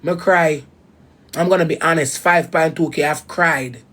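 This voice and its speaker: A Jamaican woman vlogger, her voice sitting low with a fairly bright tone, addresses viewers at a measured pace. She rants heatedly and emotionally about a betrayal, cursing in patois.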